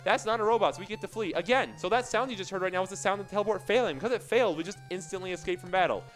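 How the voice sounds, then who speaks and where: A man's voice: high voice, rapid-fire, fairly bright tone, soft background music, rough recording. A man commentating live on his speedrun of a game, explaining its mechanics in a joking, rambling way. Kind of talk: live commentary while playing.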